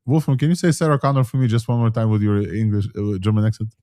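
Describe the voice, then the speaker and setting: A man's voice: on the low side, fast, mellow, no room sound, clean studio sound. A man hosting a casual live tech talk show, rambling with many fillers and restarts. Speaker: host.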